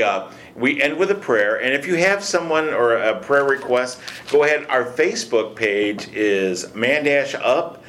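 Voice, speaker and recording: A man's voice: lowish voice, fairly bright tone, a little hiss or hum. An older man hosting a casual men's Bible study discussion, talking in a reflective, folksy way. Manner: reflective, folksy, thinks aloud.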